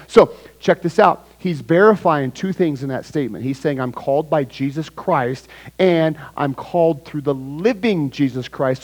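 A man preaching a sermon, talking casually with the congregation, asking them questions, with sudden loud bursts and quiet asides. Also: fairly high pitch, rough recording. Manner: animated, with sudden loud outbursts and hushed asides; conversational, asks the congregation questions. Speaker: pastor.

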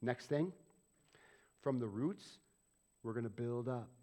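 Animated male pastor preaching. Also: mid-range voice. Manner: animated, asks the congregation questions and acts out quick quoted voices. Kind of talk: sermon. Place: church.

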